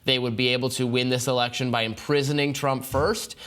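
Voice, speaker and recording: A man giving measured, analytical political commentary, with frequent hesitations. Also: medium pitch, little pitch movement, fairly bright tone. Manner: deliberate, analytical, with many hesitations.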